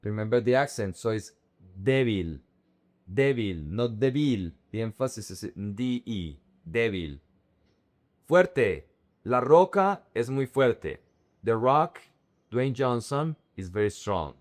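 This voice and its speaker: A young man teaching vocabulary, saying words slowly and carefully and repeating them in drills. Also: mid-range voice, expressive. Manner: slow, careful word-by-word drilling. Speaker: Spanish teacher. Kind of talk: vocabulary lesson to camera.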